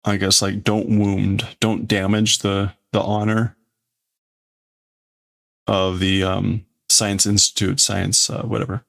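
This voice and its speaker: Slow, halting male streamer. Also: fairly low pitch, flat delivery, vocal fry, fairly bright tone. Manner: halting, hesitant, full of restarts. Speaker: streamer translating a comic live. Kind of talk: live translation, thinking aloud.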